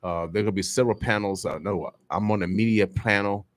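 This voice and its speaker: Man, radio host, hyped casual talk, fairly low voice, dry close studio sound. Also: a little fast, no echo. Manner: animated, hype community announcements. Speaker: radio morning show host.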